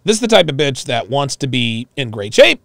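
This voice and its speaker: A man streaming live commentary over a clip, animated and incredulous, mocking what he hears and reading chat messages aloud. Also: mid-range voice, a little fast, vocal fry, dry recording.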